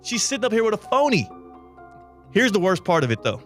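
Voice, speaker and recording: A man hosting a talk radio show, telling a long story with lively, animated delivery. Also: high-pitched, a little fast, faint music behind. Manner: lively anecdotal telling with bursts of laughter. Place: radio studio.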